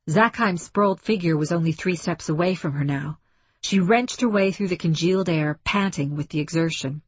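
Husky woman narrating an audiobook. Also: lowish voice, no room sound. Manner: measured, dramatic reading. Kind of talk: scripted narration.

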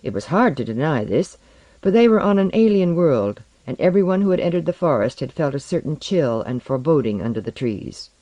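A man narrating a story in a measured, expressive scripted reading. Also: on the high side, dry recording, lo-fi sound. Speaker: audiobook narrator.

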